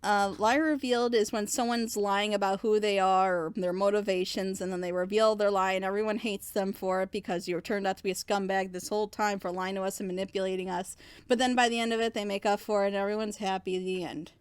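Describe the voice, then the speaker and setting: Animated ranting woman, dry close mic. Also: mid-range voice, fast talker, clean tone, no room sound. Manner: animated, ranting, acts out quoted lines. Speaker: reaction video co-host. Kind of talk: casual group chat reacting to a show.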